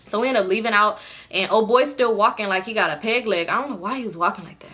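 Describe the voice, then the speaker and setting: A young woman chatting through a casual storytime vlog, slangy and animated, acting out the people she quotes. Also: medium pitch, fast. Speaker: storytime YouTuber.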